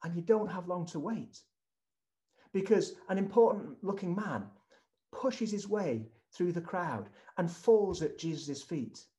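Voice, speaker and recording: Lively, unhurried storytelling preacher. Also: mid-range voice. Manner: vivid storytelling, addresses listeners directly. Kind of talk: sermon, imaginative retelling.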